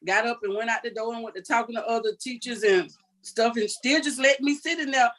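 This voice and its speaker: An older woman speaks with a fairly high voice. She recounts events earnestly and vividly, acting out what others said. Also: a little fast, fairly bright tone, poor audio. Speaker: interview guest. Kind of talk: emotional personal account.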